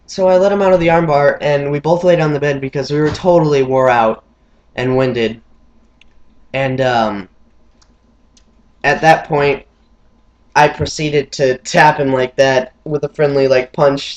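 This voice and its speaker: A man's voice: a little slow, long pauses, lo-fi sound. Rambling young guy telling a story. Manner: rambling, filler-heavy, mimics friends in high excited voices. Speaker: vlogger.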